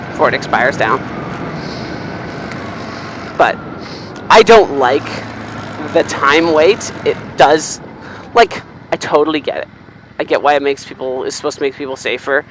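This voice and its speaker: A young man, chatting casually and swearing freely while driving, rambling and excitable. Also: medium pitch, rough recording. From Canada. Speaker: vlogger. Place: inside a car, driving in city traffic. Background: faint car and road noise.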